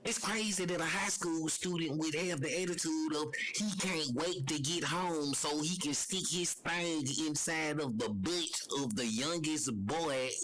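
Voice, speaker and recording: A man's voice: fairly high pitch, a bit bright, low-quality recording. A young man in an unscripted personal monologue who talks earnestly, repeating himself and circling back to the same phrases, with many "you know"s. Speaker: personal vlogger.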